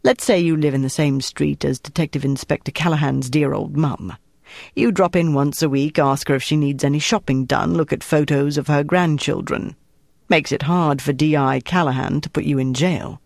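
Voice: mid-range voice, fairly even intonation, normal speed, vocal fry, dry recording. A narrator voicing a wry, blunt older man who talks with dry amusement.

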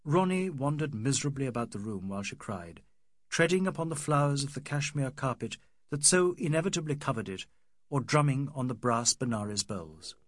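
A man narrating a literary novel as an audiobook, reading in a measured, expressive way. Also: mid-range voice, no room sound, clean studio sound.

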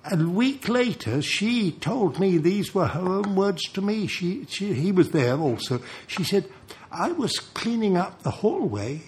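An older man preaching a sermon, telling stories in an animated way and chuckling between points. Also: high-pitched, a little slow. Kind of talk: sermon with storytelling.

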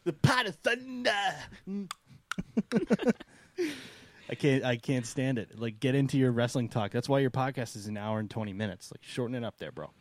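A man's voice: mid-range voice, fast, hardly any pauses, darkish tone, dry recording. A man co-hosting a casual podcast, ranting and laughing about wrestling. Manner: ranting and laughing, mimics voices. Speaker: podcast co-host. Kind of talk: casual chat.

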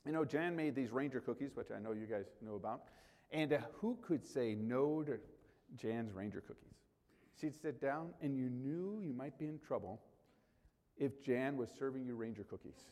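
A man's voice: mid-range voice, moderate pace, a little mellow, long reverb tail. A male pastor preaching a sermon in a conversational way, rising sharply for emphasis.

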